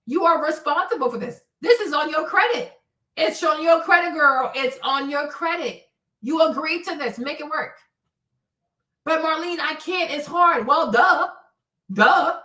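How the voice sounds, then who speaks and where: Her voice is high, expressive, pushed, and bright, at normal speed: a woman in her forties ranting on a live stream in blunt, preachy, casual talk, frequently asking "right?". The echoey recording places her a bit away from the mic.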